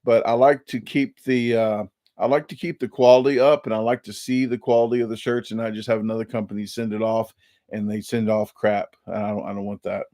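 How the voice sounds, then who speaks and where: A man's voice: on the low side, level tone, a little fast, mellow, no echo, clean studio sound. A man, hosting a casual live-stream chat and rambling with many restarts and repeated words. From Illinois. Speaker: YouTube channel host.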